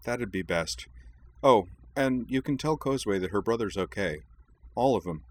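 A man's voice: lowish voice, lively intonation, moderate pace, voice pushed up. A man voicing a tough young swordswoman, speaking plainly and bluntly in a slightly raised voice. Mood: subdued.

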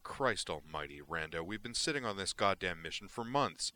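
Man reading as hot-headed merc boss, cursing, pushy, deep and sharp. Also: lively intonation, moderate pace, heavily acted. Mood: angry. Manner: swearing, raised and impatient. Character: hot-tempered male mercenary squad leader.

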